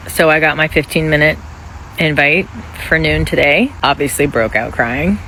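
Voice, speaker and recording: Anxious laid-off worker, casual vlog, rambling, blunt swearing, mid-pitched voice. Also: moderate pace, sharp tone, slight background noise, low-quality recording. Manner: candid, rambling, swears freely.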